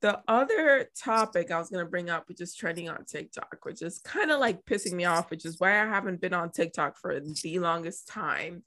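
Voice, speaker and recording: A woman's voice: fairly low pitch, lively intonation, moderate pace, few pauses, bright, forceful tone. A woman co-hosting a podcast, talking bluntly in casual chat and swearing freely. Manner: blunt, swears, talks in long stretches. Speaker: podcast co-host.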